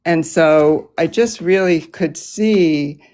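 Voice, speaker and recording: A woman in a reading group on a video call, sharing her thoughts with many pauses and fillers. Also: deep voice, warm tone. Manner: thinking aloud, many fillers. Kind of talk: casual group discussion over a call.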